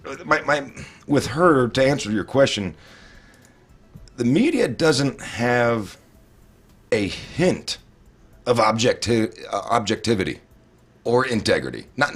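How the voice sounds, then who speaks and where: Man, husky, lively pitch, heated political chat, stammers when worked up. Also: takes it slowly, pauses often. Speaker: political talk show co-host.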